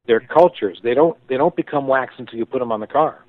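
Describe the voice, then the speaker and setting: A man being interviewed, telling a story with thoughtful pauses and frequent restarts as he explains things. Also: mid-range voice. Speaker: guest, company founder. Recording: tinny phone-like line, dry.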